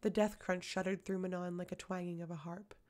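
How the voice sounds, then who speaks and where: A woman reading a fantasy novel aloud as audiobook narration, steady and even. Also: on the low side, a little fast. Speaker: audiobook reader.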